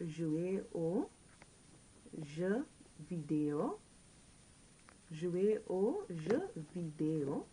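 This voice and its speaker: Slow-paced woman teaching French words. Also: fairly low pitch, noisy background. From Caribbean. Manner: slow, repeats each word several times; stops to correct herself. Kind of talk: recorded language lesson.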